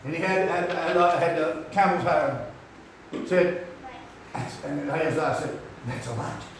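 A man preaching a rambling, folksy sermon that climbs into shouts. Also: on the high side, steady tone, measured pace, a little hiss or hum. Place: church. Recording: echoey hall from far off.

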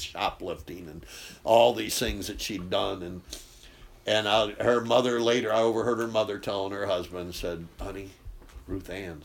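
Impassioned low-voiced male preacher. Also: slight background noise. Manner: impassioned, swinging from loud bursts to hushed intensity. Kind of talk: sermon.

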